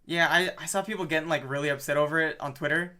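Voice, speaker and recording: A woman's voice: deep voice, fast talker, pushed and bright. A woman co-hosting a podcast in casual chat, joking and rambling with crude humor. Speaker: podcast co-host.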